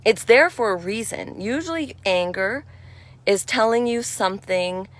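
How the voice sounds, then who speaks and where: Woman, spiritual speaker, mid-pitched, gentle and affirming, conversational delivery. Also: measured pace. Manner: conversational, with frequent "you know". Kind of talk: spiritual energy talk.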